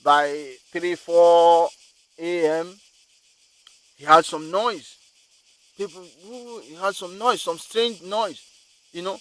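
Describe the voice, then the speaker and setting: A man's voice: high-pitched, steady tone, slow, pauses often, low-quality recording. A man telling a moral story in a rambling way, with frequent restarts and repeated words.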